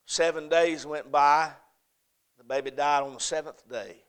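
Male preacher, high and bright, smooth tone, builds to loud peaks and falls to a hush, repeats phrases. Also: steady tone, unhurried. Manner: swings from loud emphatic peaks to soft, hushed lines. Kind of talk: sermon.

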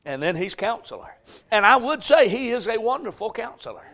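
A male pastor preaching a sermon, swinging between shouted emphasis and quiet storytelling. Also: extremely high pitch, very animated, brisk. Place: church sanctuary.

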